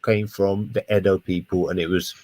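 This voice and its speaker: A podcast co-host with a low, darkish voice argues in a heated casual debate, speaking at a normal speed with little pitch movement. He's emphatic and swears, repeating words to drive his point home.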